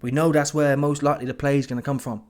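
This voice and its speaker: Slightly high-pitched bloke, animated football reaction host, mocking and slangy. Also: male voice, fast talker. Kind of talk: casual ranting reaction.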